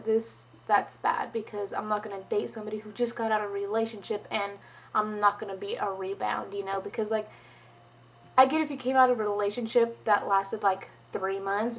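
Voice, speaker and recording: A woman's voice: medium pitch, low-quality recording. Chatty young woman telling a story. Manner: chatty, animated, full of "like" and quoted dialogue. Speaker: vlogger. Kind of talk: casual storytime.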